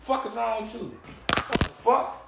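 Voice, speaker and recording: Heavy background noise surrounds this young man's unhurried but very high-pitched voice, which sounds roomy. He's a rapper on a livestream, angrily cursing out a rival and repeating street tags like "gang" and "on tape."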